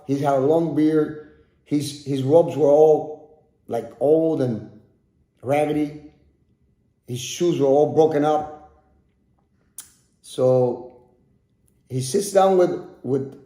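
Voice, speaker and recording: Guy narrating a story on his podcast, a bit high, dark mellow tone, lots of room echo. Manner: repeats and restarts words while telling. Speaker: podcast host. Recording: echoey room.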